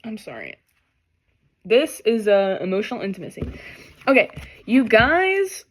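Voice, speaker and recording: A woman doing an emotional tarot reading for the camera, talking in halting, apologetic bursts and tearing up. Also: fairly high pitch, big pitch swings. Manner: tearful, overwhelmed, halting and apologetic. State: crying at times. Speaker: tarot reader.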